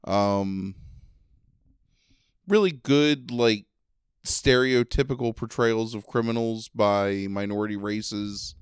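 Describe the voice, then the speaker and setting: A man's voice: lowish voice, steady tone, takes it slowly, smooth, dry recording, clean studio sound. A man with a slightly nasal voice, rambling sarcastically through a movie review in casual chat. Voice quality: a little nasal. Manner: rambling, sarcastic, many ums and likes. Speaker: podcast co-host reviewing a movie.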